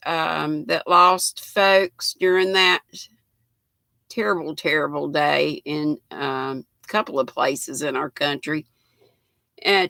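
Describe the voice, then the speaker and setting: Slow, gravelly older Southern woman. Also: fairly low pitch, bright, forceful tone, dry recording. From United States. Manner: chatty, reading viewer comments aloud. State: hoarse. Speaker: host. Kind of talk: live-stream chat.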